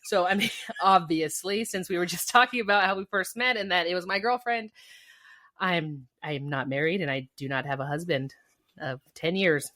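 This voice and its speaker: Low-voiced woman chatting, laughing. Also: moderate pace, pushed and bright. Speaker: podcast co-host. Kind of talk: casual chat.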